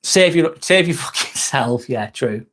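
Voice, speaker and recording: A man's voice: mid-range voice, lively intonation, measured pace, a bit bright. A middle-aged man with an English accent chatting candidly on a live stream, rambling and reading viewer comments aloud. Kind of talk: casual live-stream chat.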